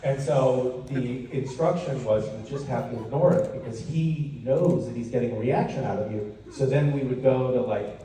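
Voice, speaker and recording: A man's voice: normal speed, far from the mic. Man telling a story in a big echoey hall. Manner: animated storyteller, jumps into high voices for quoted lines. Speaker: convention panel guest. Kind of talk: casual storytelling on stage. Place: large convention hall, recorded from the audience. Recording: echoey hall audience recording from afar.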